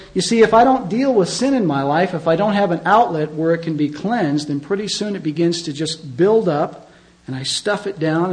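A middle-aged pastor delivers a sermon in a somewhat high voice for a man. He keeps a casual, conversational tone and leans hard on key words. He keeps throwing questions out to the congregation. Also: darkish tone, rough recording. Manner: conversational, emphatic preaching with rhetorical questions.

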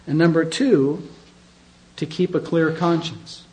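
A man's voice: a little high, steady tone, slow, darkish tone, poor audio. A middle-aged man preaching a sermon as pastor, conversational and emphatic, often asking his listeners questions.

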